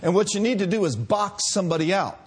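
A middle-aged male pastor preaching a sermon in a church, animated and laughing as he calls out to the congregation. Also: sits high, quick pace, breathy edge.

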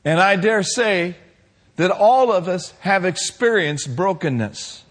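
A man preaching a sermon to his congregation, building to shouted passages and calling for responses. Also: sits high, animated, takes it slowly. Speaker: pastor.

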